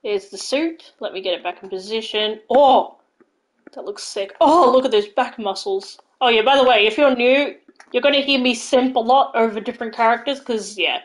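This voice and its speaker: A woman live-streaming a video game, chatting casually and gushing excitedly to her viewers. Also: a little high, normal speed, poor audio. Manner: gushing, excitable, thanks followers. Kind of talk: casual live-stream chat while playing.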